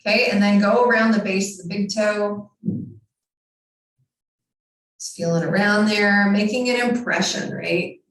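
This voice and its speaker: A woman leads a yoga lesson in a calm, encouraging voice, cueing each movement step by step. She sounds some way from the microphone. A strong echo hangs around her in the room. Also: medium pitch, a little slow, long pauses. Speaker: yoga teacher. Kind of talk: guided yoga instruction. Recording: very echoey room, far from mic.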